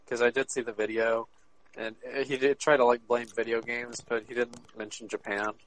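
A man co-hosting a podcast, chatting casually in a measured, hedging way. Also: mid-range voice, flat delivery, fairly bright tone, poor audio. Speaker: podcast co-host. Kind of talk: casual chat.

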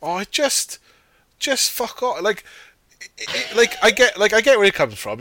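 A man's voice: high voice, sing-song, measured pace, long pauses, sharp tone, dry recording. Sweary, exasperated man ranting. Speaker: podcast co-host. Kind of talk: casual film discussion.

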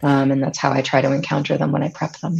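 A woman's voice: deep voice, level tone, fast, gravelly, a little mellow, highs cut off. A woman audiobook narrator being interviewed, talking about her craft in an articulate, thoughtful way. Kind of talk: podcast interview.

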